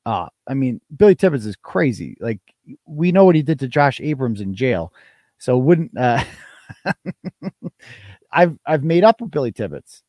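Male live-stream host, casual and crude, animated pitch, dry sound. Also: unhurried, no echo. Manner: loose, joking, crude asides. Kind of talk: casual live-stream chat reading donations.

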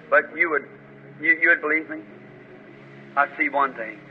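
Heard on a muffled old recording from a reverberant hall with slight background noise, a medium-pitched man preaches at a faith healing service. He prays fervently and becomes forcefully commanding when rebuking.

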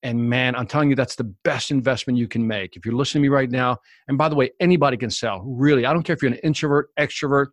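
Fast-talking animated male storyteller. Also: mid-range voice, dry recording. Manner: animated storyteller, acts out the people in his stories. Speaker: guest, sales expert. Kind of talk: storytelling in a podcast interview.

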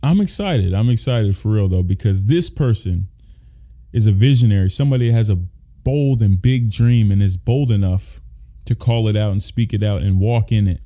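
A man's voice: lowish voice, normal speed, dark tone. A man hosting a podcast in casual chat, hyped and playful, talking with a lot of energy. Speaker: podcast host.

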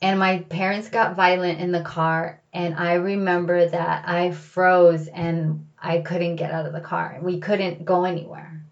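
Candid, lowish woman telling personal stories. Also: little pitch movement, measured pace, creaky, few pauses, highs cut off. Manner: candid, reflective, filler-heavy with "like" and "you know". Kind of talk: personal storytelling.

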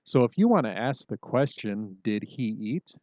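A man hosting a podcast language lesson in a casual, unhurried way, with plenty of ums and slow, careful pronunciation of example words. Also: fairly low pitch, lively intonation, a little mellow, dry recording, muffled recording.

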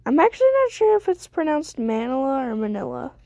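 A woman's voice: extremely high pitch, very animated, quick pace, a little mellow, no room sound. A young woman streamer giving rambling, self-deprecating casual commentary while she plays a game.

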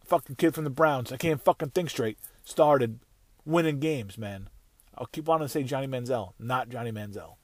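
A podcast host records solo on his way to work, delivering a profane, furious football rant that rambles and restarts. He speaks at a moderate pace in a medium-pitched voice, with no room sound.

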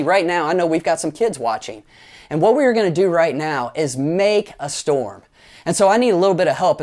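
This is a man serving as pastor in a sermon, pitched fairly high. He tells lively tales with playful asides and leads the congregation in shared actions.

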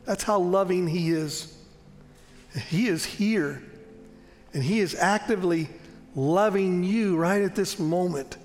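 A man preaching a sermon in church as pastor, earnest and emphatic, often slowing down and dropping to a soft hush. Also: sits high, big-room sound, faint music behind.

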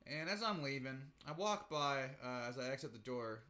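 Animated storytelling man, bright voice. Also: mid-range voice, normal speed. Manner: animated storytelling, swearing, mocking quotes. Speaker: podcast co-host. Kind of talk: casual podcast chat.

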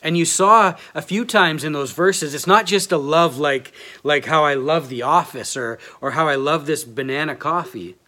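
A man's voice: a little high, moderate pace, hardly any pauses, pushed and bright. A man preaching a sermon in a plain, self-deprecating way, reading aloud from a book and from scripture.

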